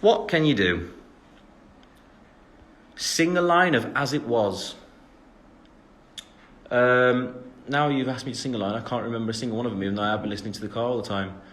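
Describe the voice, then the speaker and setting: A man's voice: mid-range voice, normal speed, long pauses, a bit bright. Chatty young Englishman rambling on a live stream. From England. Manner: rambling, chatty, self-deprecating, many fillers. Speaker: livestream host reading fan questions. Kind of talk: casual live-stream chat. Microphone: phone.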